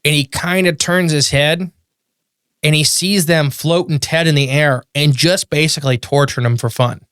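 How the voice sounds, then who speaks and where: Animated man telling a story. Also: fairly high pitch, moderate pace, clean tone, dry recording, clean studio sound. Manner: animated storyteller, voice jumps up in disbelief. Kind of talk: casual chat, storytelling.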